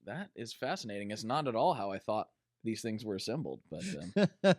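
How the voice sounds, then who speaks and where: A man's voice: on the low side, lively intonation, fairly quick, no echo, clean studio sound. A man co-hosting a casual podcast chat, teasing and spinning playful bits. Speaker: podcast co-host.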